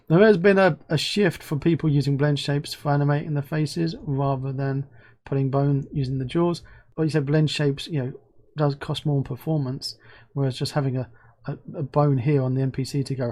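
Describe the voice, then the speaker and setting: A man hosting a casual screen-recorded software review, chatty and excitable, thinking aloud as he clicks through. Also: medium pitch, brisk. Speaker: game asset reviewer.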